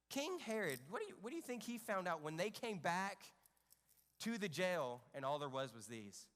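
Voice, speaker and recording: A man with a high, lively voice leads a children's church lesson. He acts out the story with energy and keeps asking the kids questions. His voice carries a long reverb, as if in a big hall. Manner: animated, asks the children questions. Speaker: children's ministry leader. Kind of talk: telling a Bible story to kids. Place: church kids' room stage.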